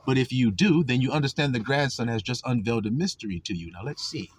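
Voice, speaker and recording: A man's voice: medium pitch, fast, breathy edge. A man giving sermon-style teaching, emphatic, drawing out key words and asking his listeners again and again if they see it. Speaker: religious teacher.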